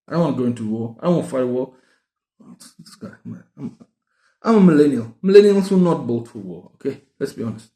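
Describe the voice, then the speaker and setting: A book vlogger from South Africa, a man in his thirties, talks a little fast in an expressive, mellow, mid-range voice. His book-haul chat is easygoing, wandering and self-mocking, full of restarts, recorded with a roomy echo.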